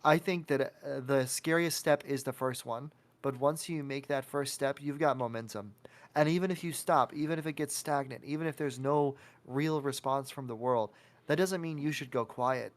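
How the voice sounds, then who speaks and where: A man hosting a podcast interview, talking casually and giving an encouraging, motivational pep talk. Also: medium pitch. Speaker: podcast host.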